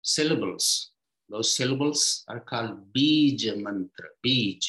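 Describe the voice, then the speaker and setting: A man gives a reflective spiritual talk as a teacher, expressive yet unhurried, his voice sinking low and quiet as each phrase ends.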